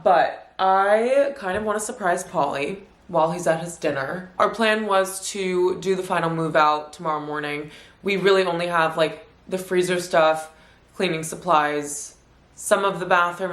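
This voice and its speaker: A woman's voice: lowish voice, fairly bright tone. A young woman vlogging at home in a casual, rambling way, full of "like" fillers, and she sounds a bit stuffy. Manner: chatty, rambling, lots of "like" fillers. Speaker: lifestyle vlogger. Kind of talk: casual vlog chat to camera. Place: at home in an apartment. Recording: echoey room.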